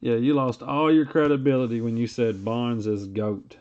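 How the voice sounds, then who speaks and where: A man's voice: mid-range voice, fairly even intonation, moderate pace, darkish tone. A man hosting a live card break stream. He talks in casual, rambling asides and reads card names aloud as he goes. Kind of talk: casual live-stream chat while opening card packs. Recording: dull lo-fi stream audio.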